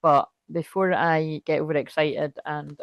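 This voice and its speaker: A woman giving a casual tarot reading to camera, chatty and excitable, thinking aloud and swearing freely. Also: deep voice, unhurried, gravelly, no echo. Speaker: tarot reader.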